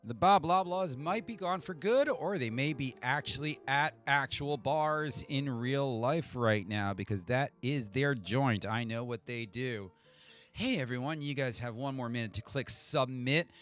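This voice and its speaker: A man's voice: mid-range voice, measured pace, fairly bright tone, soft background music. A man hosting a virtual pub quiz from home on a desk mic, chatting casually and joking with himself between answers. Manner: chatty, self-mocking, talks to himself. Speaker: quiz host. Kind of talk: casual live-stream chat. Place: home setup for an online stream. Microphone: desk mic with adjustable EQ.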